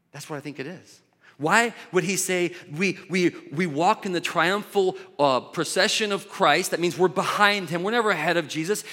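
A man's voice: on the high side, a bit bright. Male pastor preaching in an echoing hall. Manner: conversational preaching with frequent restarts and asides. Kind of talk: sermon. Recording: long echo of a large hall.

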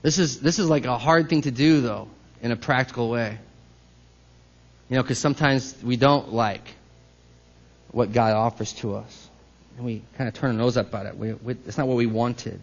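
A man's voice: medium pitch, normal speed, muffled recording. A man preaching a sermon as pastor, talking in a conversational way and putting questions to the congregation.

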